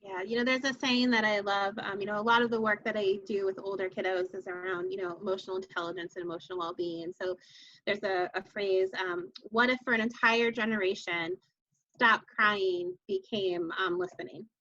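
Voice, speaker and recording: A woman guest consultant in an interview, explaining in a calm, teacherly way and laughing often, heard over a video call. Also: medium pitch, a little fast, no room sound, lo-fi sound.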